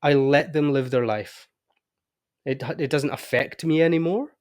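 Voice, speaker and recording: A man with a slightly high voice hosts a podcast. He talks candidly and reflectively, and he gets animated when he tells his own stories. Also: measured pace. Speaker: podcast host. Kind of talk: casual conversation.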